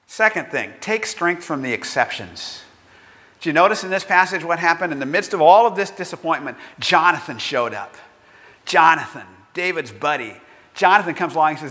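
An older man preaching a sermon in an earnest, conversational way, acting out quotes with lively energy. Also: fairly high pitch, moderate pace, long reverb tail. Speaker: pastor.

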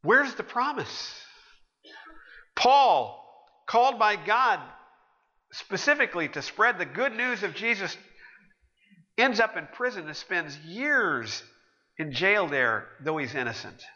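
Speaking slowly with long pauses in a voice that sits high, a pastor preaches a sermon full of animated stories. He performs the voices of the people in them, and the sound is muffled with a long hall reverb.

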